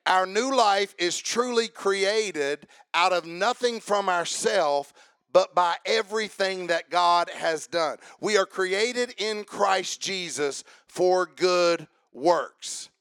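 A pastor preaching a sermon, folksy and repetitive, asking the congregation for amens and building to rhythmic shouting. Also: male voice, sits high, slow pace, clear, resonant tone, no room sound, studio quality.

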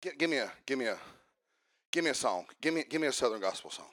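A man preaching a fiery sermon, swinging from hushed asides to shouted emphasis. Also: mid-range voice, lively intonation, quick pace.

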